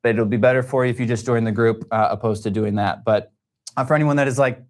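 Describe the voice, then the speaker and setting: Brief: man in his 30s, casual livestream host, mid-pitched, chatty and rambling, fillers throughout, studio mic. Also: fairly quick. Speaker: podcast studio owner hosting a livestream.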